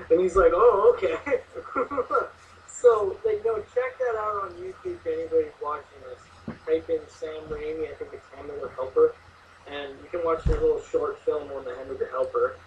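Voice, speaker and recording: A man chatting excitedly about horror films, laughing often and using lots of fillers. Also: fairly high pitch, normal speed. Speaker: co-host reviewing horror films. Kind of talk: casual chat. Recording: distant mic, muffled, faint hiss.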